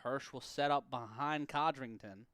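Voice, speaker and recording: A man calling an amateur football game play-by-play, profane and prone to erupting into shouts and laughter on big plays. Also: mid-range voice, unhurried, clean tone, dry recording, clean studio sound. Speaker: play-by-play commentator. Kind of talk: sports commentary.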